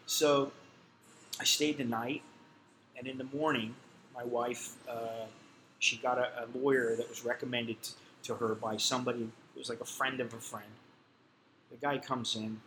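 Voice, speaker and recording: A man's voice: medium pitch, flat delivery, moderate pace, pushed and bright, slight background noise, rough recording. A middle-aged man telling a personal story in a casual, blunt and profane way, full of fillers. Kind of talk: casual spoken anecdote.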